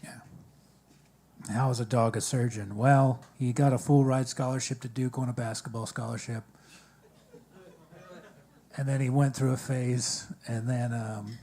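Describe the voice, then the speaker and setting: Man, stand-up comic at an open mic, dry, halting delivery, mid pitch. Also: darkish tone, slight background noise. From Maryland. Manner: halting, dry, many fillers. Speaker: stand-up comedian. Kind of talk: stand-up comedy set. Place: coffee shop open mic stage.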